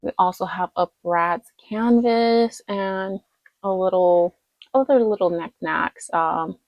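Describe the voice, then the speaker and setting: A woman's voice: mid-range voice, creaky, no echo, lo-fi sound. A woman casually reviewing dolls in a rambling, chatty vlog, tired late at night. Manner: chatty and rambling, lots of fillers and self-corrections. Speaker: doll collector vlogger.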